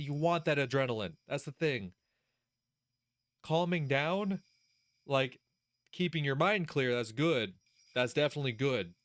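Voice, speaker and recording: Animated, profane man commenting on a game. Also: on the high side, no room sound, studio quality. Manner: animated, profane, laughs often, talks straight to the character. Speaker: let's play host. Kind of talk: casual gaming commentary.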